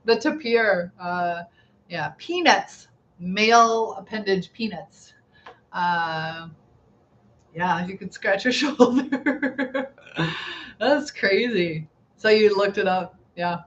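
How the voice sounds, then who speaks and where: A woman's voice: mid-range voice, lively intonation, slow. A middle-aged woman hosting a casual live stream, chatting and giggling as she reads out viewer comments. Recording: slightly dull lo-fi sound with faint background noise.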